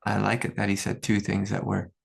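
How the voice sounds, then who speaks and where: A man in his fifties, a spiritual teacher, gives a reflective talk, earnestly sharing personal stories with lots of fillers and laughter. His voice sits on the low side and sounds gravelly and husky, delivered fairly quickly with a completely flat tone.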